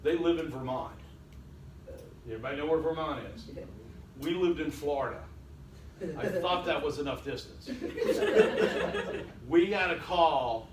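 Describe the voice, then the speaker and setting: A man's voice: on the high side, sing-song, unhurried, pauses often, slight background noise. A man teaching a college class, with wry, joking asides to his students. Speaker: college instructor. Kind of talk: classroom lecture. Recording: echoey classroom from far off.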